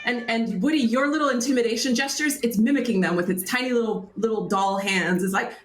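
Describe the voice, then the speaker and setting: A woman's voice: on the high side, a little fast, reverberant, background noise. A woman narrating as game master of a tabletop game, chatty and laughing, often restarting mid-sentence.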